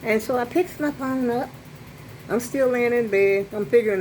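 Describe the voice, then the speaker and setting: Filming herself at home with a phone on a selfie stick, an older female vlogger spins a meandering, talkative tale with frequent restarts and asides. She speaks animatedly and a little fast in a mid-range voice over some background noise.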